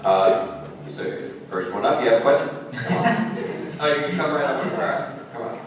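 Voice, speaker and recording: A man's voice: medium pitch, very animated, normal speed, distant mic, crowd noise. Coaxing moderator man, echoey hall. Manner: coaxing, casual. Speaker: panel moderator. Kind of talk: moderating audience questions.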